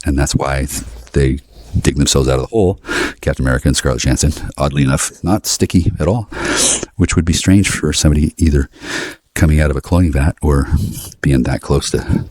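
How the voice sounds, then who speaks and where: A man ranting alone to camera as a vlogger, profane and agitated, addressing someone who isn't there and swinging between raised outbursts and low muttering. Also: brisk, darkish tone. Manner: profane, agitated, talks to an unseen person. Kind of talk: rambling solo rant to camera.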